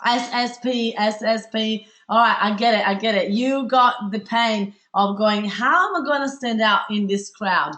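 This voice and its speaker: A woman from Italy with an Italian accent, hosting a live webinar in a fast, bubbly, chatty way with many fillers. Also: fairly high pitch, a bit bright. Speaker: webinar host.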